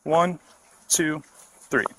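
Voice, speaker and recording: Calm police officer giving test instructions. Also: male voice, on the high side, poor audio. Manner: calm, measured, procedural. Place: outdoors at a roadside traffic stop. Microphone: body camera. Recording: faint noise, body camera audio.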